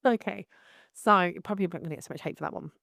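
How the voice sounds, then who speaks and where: A woman's voice: lowish voice, rapid-fire, creaky, fairly bright tone, dry recording, clean studio sound. A woman, a photographer, telling a story about a client in a rambling, exasperated monologue full of restarts. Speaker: photographer and host.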